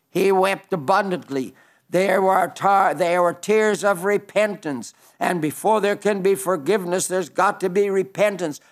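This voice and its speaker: A man's voice: a little high, vocal fry. A man preaching a sermon as pastor, in fervent repeating cadences.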